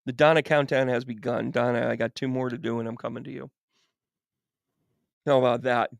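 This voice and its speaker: A man working as a psychic medium, reading tarot cards on a live stream and chatting with viewers. He is animated and chummy, often laughing and calling people by name. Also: mid-range voice, brisk, gravelly, no echo, studio quality.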